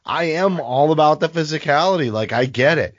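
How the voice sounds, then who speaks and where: A man's voice: fairly high pitch, animated, a little fast, no echo. A man co-hosting a sports podcast in casual talk, blunt and fired up, cursing freely. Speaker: podcast co-host. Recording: dull dry lo-fi podcast audio.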